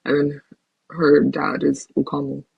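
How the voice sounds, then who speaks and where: A woman co-hosting a chatty podcast, her voice raspy and breathy with a gravelly edge. She keeps the talk moving, introducing new topics and reading out comments. The sound is close and dry, as if over a remote call. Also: sits low, little pitch movement, a little slow, no echo, narrow, tinny audio. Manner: brings up topics, reads out comments. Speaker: podcast co-host. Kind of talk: casual chat.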